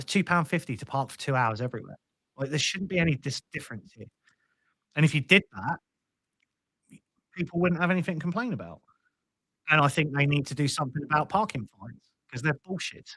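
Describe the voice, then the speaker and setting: A man's voice: fairly high pitch, sharp tone, no room sound, rough recording. A young British man hosting a live stream, ranting casually about politics, swearing freely and restarting his sentences.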